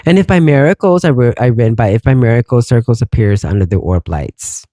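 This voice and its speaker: Mellow-voiced man rambling through a story. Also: mid-range voice, expressive, a little fast, no room sound. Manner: rambling, swears freely, wondering aloud. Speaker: podcast host. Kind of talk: casual podcast storytelling.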